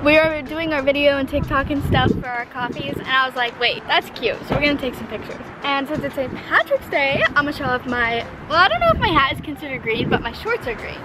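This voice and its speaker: Chatty high-voiced young woman vlogging. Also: expressive, brisk, few pauses, heavy background noise. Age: 20s. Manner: bubbly, chatty, laughs often. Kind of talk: casual vlog chat.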